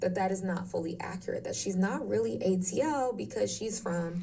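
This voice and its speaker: A woman narrates a scripted video essay in a measured, explanatory way. Her tone is mellow and dark. She sounds distant, as though the audio is being played back through a stream. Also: mid-range voice, creaky, husky.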